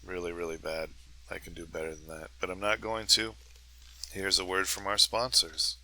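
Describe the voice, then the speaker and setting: Man, comedy podcast host, low voice, forceful and bright, rambling, crude jokes. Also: flat delivery, moderate pace, a little hiss or hum, rough recording. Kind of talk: comedic monologue.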